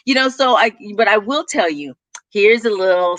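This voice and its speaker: A woman's voice: medium pitch, normal speed, no echo. A woman with a Texas accent, talking about her business as a guest in a casual interview, telling stories with lots of laughter. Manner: animated storyteller, laughs often.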